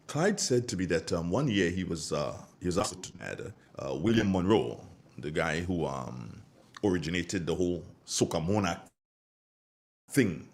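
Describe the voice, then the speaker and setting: A man's voice: low-pitched, unhurried. A Grenadian man hosting a radio show, greeting listeners and telling stories in a casual, colloquial way. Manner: animated storyteller with Caribbean colloquial phrasing. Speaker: radio host. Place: radio studio.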